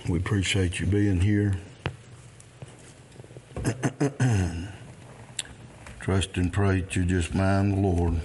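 Male preacher, low voice, unhurried deliberate scripture reading. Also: steady tone, a little mellow, slight background noise. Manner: slow, deliberate reading with long pauses, throat clearing. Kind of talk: scripture reading in a church service.

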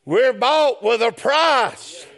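Gravelly high-pitched hollering preacher man. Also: big pitch swings, very slow. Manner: rises to shouted chant, drops to low asides. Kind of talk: hollering chanted sermon.

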